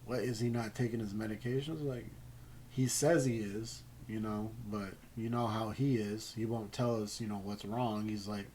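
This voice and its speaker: A man telling a personal story in a casual, rambling way, halting often and swearing freely. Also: fairly low pitch, fairly even intonation, darkish tone, a little hiss or hum, low-quality recording. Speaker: gaming channel host.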